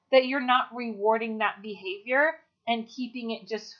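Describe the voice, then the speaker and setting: A woman dog trainer giving a practical, chatty lesson, with the odd "um" and "you know". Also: mid-range voice. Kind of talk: instructional talk. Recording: dull lo-fi recording.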